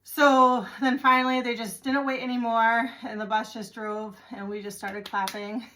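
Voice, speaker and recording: A woman from the United States talks straight to her viewers in a relaxed, chatty storytelling voice. She sounds exasperated and acts out the people she met along the way. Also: fairly high pitch, normal speed, slight background noise. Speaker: vlogger. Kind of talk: casual storytelling to camera.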